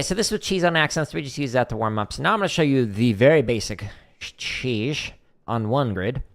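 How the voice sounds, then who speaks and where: Male drum teacher, casual stream talk, low voice with some fry, deadpan wit. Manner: dry, deadpan sarcastic humor; relaxed, chatty explaining. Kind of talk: casual practice-stream instruction.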